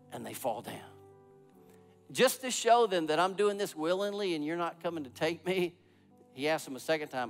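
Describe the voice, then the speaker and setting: A fairly high-voiced man preaches in a church sanctuary, his words trailing off into a long reverb. He builds to loud, emphatic peaks and then drops to near-whispered, reflective passages. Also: expressive, moderate pace, faint music behind. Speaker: pastor. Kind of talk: sermon.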